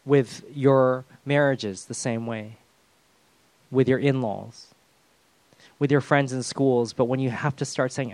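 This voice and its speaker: A man's voice: mid-range voice, fairly even intonation, takes it slowly, long pauses, darkish tone, no echo. Conversational male pastor preaching. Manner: conversational, self-deprecating humor. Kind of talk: sermon.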